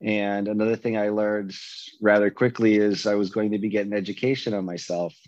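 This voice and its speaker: A man candidly recounting his own story, animated and acting out the lines of the people in it. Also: lowish voice, brisk, no room sound, lo-fi sound. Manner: animated, acts out other people's lines in a raised voice. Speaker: guest telling his recovery story.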